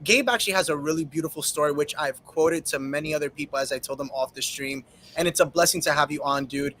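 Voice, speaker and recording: An eager, excitable man hosts a casual panel chat. His voice sits a bit high, and a faint hiss sits behind it. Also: fast talker. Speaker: host.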